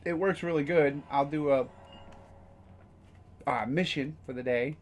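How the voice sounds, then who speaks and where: A man's voice: fairly high pitch, unhurried. A man casually streaming a game, rambling with frequent fillers and the odd curse. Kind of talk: casual gameplay commentary.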